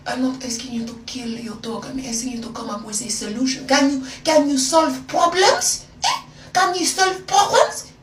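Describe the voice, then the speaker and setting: A woman voicing herself in a fake French accent, theatrical and sassy, her voice climbing high. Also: expressive, moderate pace. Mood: dramatic. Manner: theatrical, sassy, rising to shrill. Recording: echoey room, far from mic, noisy.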